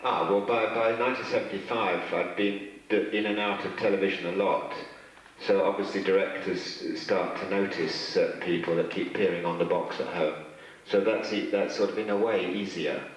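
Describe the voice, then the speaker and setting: A man with a low voice recounts stories to a convention crowd in a rambling, halting, self-deprecating way. He sounds distant from the mic, and the hall echoes heavily around him. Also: fairly even intonation. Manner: rambling, hesitant, self-mocking, chuckling. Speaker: guest actor at a fan convention panel. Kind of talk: convention Q&A anecdotes. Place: large convention hall with an audience.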